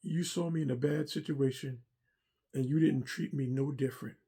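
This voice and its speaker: Speaking at a moderate pace, this middle-aged man has a creaky, dark, medium-pitched voice with fairly even intonation. His personal testimony recounts his time as a pastor's armor bearer and driver, delivered earnestly with a slightly preacherly air and plenty of repetition.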